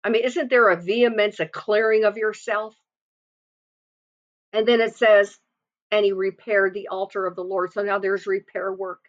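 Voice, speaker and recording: A woman's voice: mid-range voice, flat delivery, normal speed. A woman preaching a sermon, explaining scripture with emphatic, swelling delivery. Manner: emphatic, rising and falling for emphasis. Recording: slightly dull lo-fi sound.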